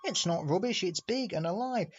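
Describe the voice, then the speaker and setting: A man's voice: sits high, animated, moderate pace, dull audio, voice pushed up. A man voicing a group of frightened male workmen in a storybook reading, agitated and insistent.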